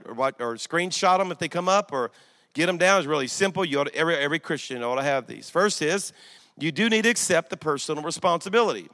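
A middle-aged man, preaching a sermon in a church, telling a story with emphasis and swinging from loud outbursts to hushed asides. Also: fairly high pitch. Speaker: pastor. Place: church sanctuary. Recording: long hall reverb in a church.

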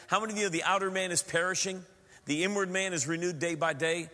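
A middle-aged pastor preaching with a high, bright, ringing voice. He tells stories with humor and keeps putting questions to the congregation. His voice echoes with a long reverb through a church hall. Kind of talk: sermon.

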